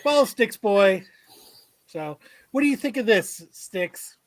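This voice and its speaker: A man chats as a comic podcast host in a high register, tossing in crude jokes. The sound is dry and close to the mic. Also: lively intonation, takes it slowly, dry recording. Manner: profane, joking, reads news aloud. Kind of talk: casual comic podcast banter.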